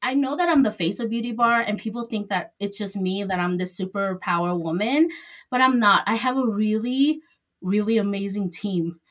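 A woman's voice: medium pitch, normal speed, fairly bright tone. A middle-aged woman who owns a salon, answering interview questions in a chatty, rambling way with loose grammar. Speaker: salon owner.

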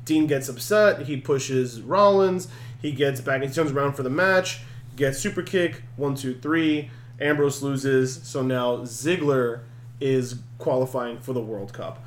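A man hosting a podcast, recapping events in a casual, animated and jokey way. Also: medium pitch, measured pace. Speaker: podcast host. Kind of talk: casual wrestling recap chat.

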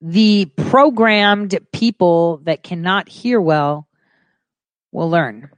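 A woman's voice: on the low side, very slow, no room sound. A woman vlogger giving hesitant, casual commentary full of fillers.

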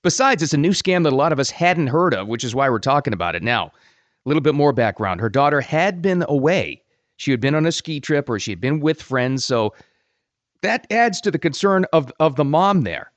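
A man hosting a podcast, talking casually and emphatically, often dropping low for weight. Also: animated, fairly quick, no echo. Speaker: podcast host.

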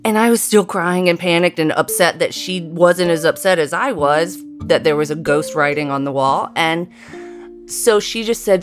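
A middle-aged woman narrating a personal story in a measured, deliberate way. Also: on the low side. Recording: guitar music underneath.

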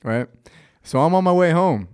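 Heavy background noise surrounds this young podcast guest, whose voice is a little high and whose pace is moderate. In casual conversation he tells a story animatedly, laughing a lot and acting out quotes.

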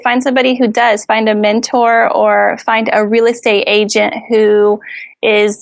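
A woman's voice: mid-range voice, dry recording. A woman answering interview questions as a house flipper, earnest and candid with a dry sarcastic streak.

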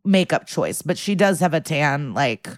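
A woman's voice: deep voice, expressive, no room sound, studio quality. A woman podcast co-host, casually retelling a TV episode and quoting the characters' lines. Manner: retells scenes, quoting characters in quick bursts. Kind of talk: casual recap chat.

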